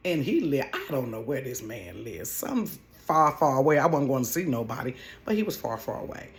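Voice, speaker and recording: A woman telling a casual storytime about her old job at home, chatty and animated, calling listeners honey. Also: extremely low pitch, normal speed, slight background noise. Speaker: vlogger telling a work story.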